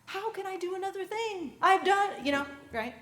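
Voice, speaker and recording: A woman at a youth convention giving an earnest personal testimony that turns soft and quiet at its key points. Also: very high voice, expressive, normal speed, slight background noise. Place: large convention hall. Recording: echoey hall.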